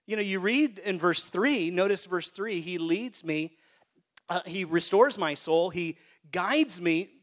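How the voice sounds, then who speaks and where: A man who is a pastor, preaching a sermon to a congregation and swinging between hushed, soft phrases and loud, emphatic peaks. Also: high voice, unhurried. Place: church sanctuary.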